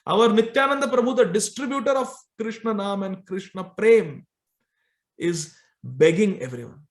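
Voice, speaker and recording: A man preaching a devotional sermon in a temple hall, speaking emphatically and repeating key phrases, and drawing out the recited verses slowly. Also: high voice.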